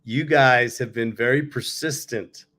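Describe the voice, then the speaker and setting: A man's voice: mid-range voice, measured pace, pushed and bright. Man, tour-worn voice, rambling, easygoing, video call from a hotel room. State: voice worn from touring. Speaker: guest musician. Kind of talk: casual video-call chat.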